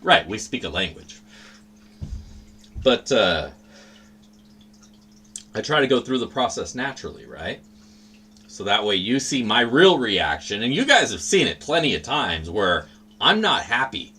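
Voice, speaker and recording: A man's voice: on the low side, big pitch swings, unhurried, pauses often, sharp tone, husky. A man hosting a livestream, chatting casually in a rambling, profane, laid-back way. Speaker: livestream host.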